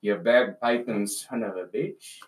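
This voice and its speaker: A man's voice: fairly high pitch, very animated, a little fast, fairly bright tone, distant mic. A man putting on a foul-mouthed Italian-American mobster voice whose accent keeps slipping into Irish, in improvised comedy banter.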